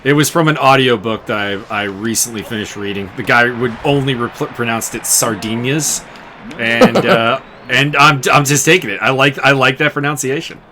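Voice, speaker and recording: Guy casually calling his own baseball game, lively bright voice, laughs a lot, little bit of hiss behind. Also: medium pitch, normal speed, few pauses. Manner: chatty, laughs often, muses over player names. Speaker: game streamer commentating his baseball season. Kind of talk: casual play-by-play commentary.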